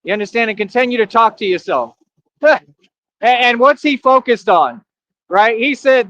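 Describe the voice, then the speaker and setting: High-voiced man, laughing through a stream. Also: unhurried, a bit bright, no room sound, dull audio. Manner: laughs constantly, repeats himself. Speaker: live streamer. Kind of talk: rambling live-stream commentary. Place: walking outdoors.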